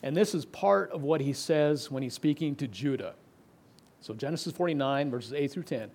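A middle-aged man preaching a sermon, explaining scripture verse by verse, moving between emphatic passages and quiet, hushed ones. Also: fairly high pitch, moderate pace. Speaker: pastor.

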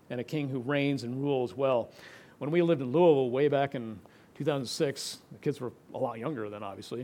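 A middle-aged man preaching a sermon, explaining scripture verse by verse, moving between emphatic passages and quiet, hushed ones. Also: mid-range voice. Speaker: pastor.

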